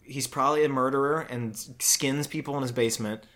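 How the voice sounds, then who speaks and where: A man's voice: medium pitch, fairly even intonation, brisk, fairly bright tone. A man co-hosting a podcast, telling a rambling story in casual chat and acting out the people in it. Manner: rambling storyteller, restarts, acts out quotes. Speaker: podcast co-host.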